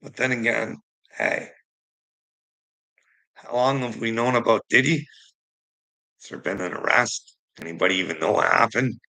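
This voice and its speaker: A man's voice: fairly low pitch, moderate pace, gravelly, pauses often, bright, forceful tone, poor audio. A man delivering a heated, profane rant to his viewers, confrontational and swearing constantly. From Canada. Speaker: streamer.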